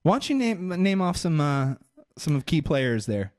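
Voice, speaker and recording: A man co-hosting a sports podcast in casual chat, jokey and quick to laugh. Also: fairly high pitch, big pitch swings, a little mellow, no echo, studio quality. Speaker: podcast co-host.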